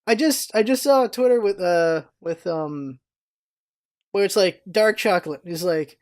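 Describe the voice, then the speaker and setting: A vlogger in their thirties talking casually and at length, meandering from one thought to the next with frequent restarts. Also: measured pace. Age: 30s. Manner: chatty and meandering, with frequent restarts and jumps in pitch. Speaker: vlog host. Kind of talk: casual rambling vlog talk.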